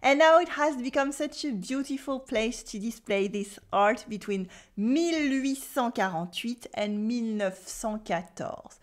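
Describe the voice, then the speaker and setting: A woman with a French accent leads a pronunciation lesson at an unhurried pace. Her voice sits a little high, and she works through careful drills, pausing so the listener can repeat after her. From France. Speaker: French teacher.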